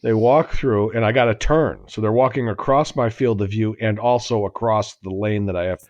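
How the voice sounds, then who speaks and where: A podcast co-host in his forties spins out a long, rambling anecdote, often stopping himself short and laughing along with it. His fairly low voice holds a steady tone at normal speed, a little mellow, and the recording has its highs cut off.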